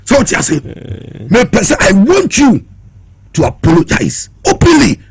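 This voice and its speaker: A Ghanaian man with a high, very raspy and gravelly voice, making an impassioned, challenging point in heated political commentary. His pitch swings widely as he switches between Twi and English. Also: wildly swooping pitch, normal speed.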